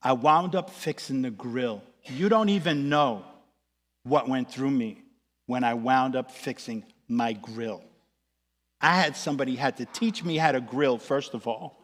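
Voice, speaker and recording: A man's voice: medium pitch, measured pace. A man preaching, telling a funny personal story and acting out the voices of others. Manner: animated, comic storytelling, acts out voices. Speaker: pastor. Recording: echoey hall.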